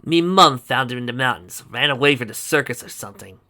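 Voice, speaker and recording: A reader puts on a brash, rowdy barbarian woman with a thick rough brogue for this storybook fantasy. She teases her companions with loud bravado, pitched a little above the reader's own voice and bright in tone. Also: lively intonation, fairly quick. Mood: teasing. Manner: boisterous, teasing.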